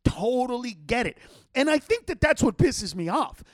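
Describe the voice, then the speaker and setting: A middle-aged man with a notably high voice tells a story in a casual podcast chat. He swears freely and rambles through restarts. The sound is close and dry, with no room around it. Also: moderate pace, dry recording. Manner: profane, animated, rambling with restarts. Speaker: comedian podcast host.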